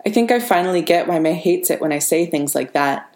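An anxious teenage boy hero in an audiobook, halting and unsure, voiced by a woman reader. The voice stays fairly low and comes through with a roomy echo. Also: lively intonation, darkish tone. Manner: hesitant and halting. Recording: roomy reverberant room.

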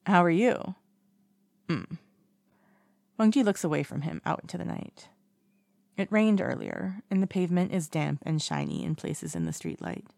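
A woman reading fiction aloud in calm, even storytelling. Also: low-pitched, normal speed, creaky, no room sound, studio quality. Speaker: narrator. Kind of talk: audiobook narration of fiction.

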